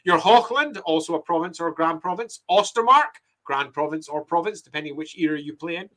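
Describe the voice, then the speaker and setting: A middle-aged Scottish man talks through his work in a relaxed, self-deprecating way, answering viewers as he goes. His voice is bright and sits a little high for a man, and he laughs easily at his own expense. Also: brisk. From Scotland. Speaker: game writer and streamer. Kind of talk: casual talk while mapping, reading viewer comments.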